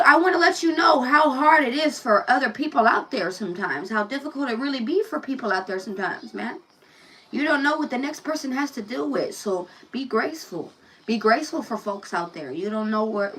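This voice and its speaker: A woman's voice: mid-range voice, fairly bright tone, distant mic, rough recording. A woman giving a casual tarot reading, telling a personal story and talking bluntly and profanely straight to the viewer. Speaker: tarot reader.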